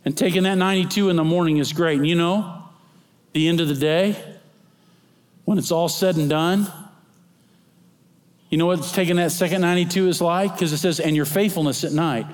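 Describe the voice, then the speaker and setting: A middle-aged male pastor preaching a sermon, moving between soft, slow passages and loud, emphatic proclaiming. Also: fairly high pitch, fairly even intonation. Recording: long hall reverb.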